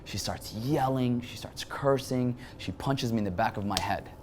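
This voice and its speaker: A man in his twenties telling a personal story as an interview guest, talking in quick bursts with frequent restarts. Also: mid-range voice, background noise. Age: 20s.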